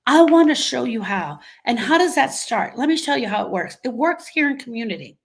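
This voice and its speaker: Animated and fairly quick, a slightly high female voice carries a grief coach's emphatic live talk. She motivates her audience by repeating phrases and dramatizing what people say.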